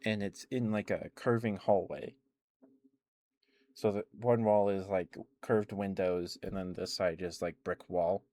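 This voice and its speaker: A man's voice: sits low, steady tone, measured pace, mellow. A man telling a long dream story on an ASMR stream, rambling, laughing often and greeting his chat on a close mic. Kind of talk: soft-spoken chatty storytelling stream.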